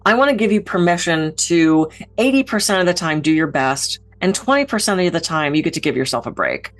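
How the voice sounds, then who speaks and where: A woman's voice: lowish voice, animated, a little fast. A woman giving a motivational talk to camera as a mind-body speaker, frank and encouraging, swearing casually now and then.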